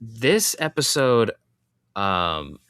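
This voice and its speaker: A man's voice: on the low side, sing-song, extremely slow, fairly bright tone, clear, resonant tone, no echo, clean studio sound. A man co-hosting a podcast, casually recapping with lots of fillers and restarts. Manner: rambling, filler-heavy recaps. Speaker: podcast co-host. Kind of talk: casual chat.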